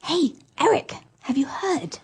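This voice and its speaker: High bouncy office gossip girl, bit husky, scripted learner skit. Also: a little slow. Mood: conspiratorial. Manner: conspiratorial, lively. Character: gossiping female office worker.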